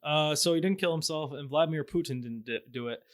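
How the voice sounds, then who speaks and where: Give me a young man co-hosting a casual podcast, a bit high-pitched, talking in loose, halting bits. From Canada. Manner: relaxed, hesitant, frequent fillers and restarts. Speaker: podcast co-host. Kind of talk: casual chat.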